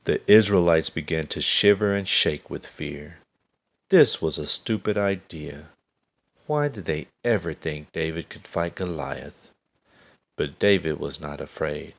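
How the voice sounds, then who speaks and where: Slow, deep, gravelly male storyteller. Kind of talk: scripted children's story narration.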